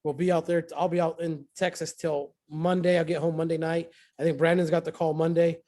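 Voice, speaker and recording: A man recounts a success story to his team, his voice a little high and his pace a little fast. The talk is casual and motivational, and his excitement shows as he hammers points home by repeating phrases.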